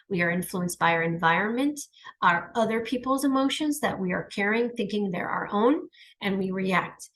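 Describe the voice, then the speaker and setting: A woman's voice: mid-range voice, a bit bright. A middle-aged woman speaking in a heartfelt personal monologue, earnest and emphatic, reflecting on her own struggles. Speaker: channel host.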